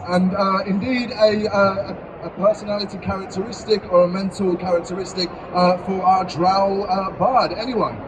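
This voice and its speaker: A man's voice: high-pitched, fairly even intonation, moderate pace, hardly any pauses, far from the mic, highs cut off, noisy background. A man co-hosting a live convention talk on tabletop character creation, rambling and hesitant, with many fillers and self-corrections. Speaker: co-host teaching character creation. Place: convention stage.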